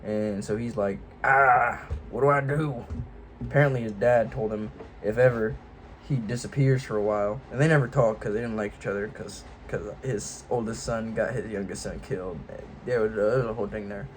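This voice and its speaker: A man's voice: fairly low pitch, fairly even intonation, brisk, a little mellow, poor audio. Guy rambling thru game lore, offhand and jokey, kinda irreverent, faint room hum behind. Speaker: video host. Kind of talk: casual lore retelling.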